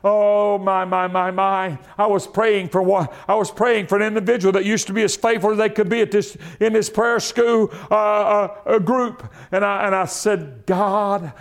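A man preaching a fervent sermon, repeating phrases and swinging from shouts to hushed asides. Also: high-pitched, fairly even intonation, moderate pace, creaky, few pauses.

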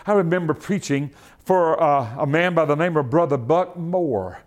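A man preaching a fervent sermon, repeating phrases and swinging from shouts to hushed asides. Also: on the high side, moderate pace.

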